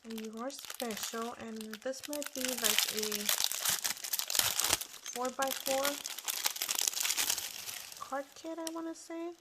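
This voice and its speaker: A woman with a slightly high voice chats casually as she unboxes craft supplies, gushing over every piece. Loud crinkling and tearing of paper sits right on top of her voice in the recording. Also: very noisy. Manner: gushing, exclaims over each item. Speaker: crafting channel host.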